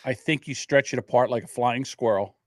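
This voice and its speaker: A man co-hosting a podcast, joking crudely in animated banter. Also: mid-range voice, fairly quick, no room sound, clean studio sound. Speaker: podcast co-host.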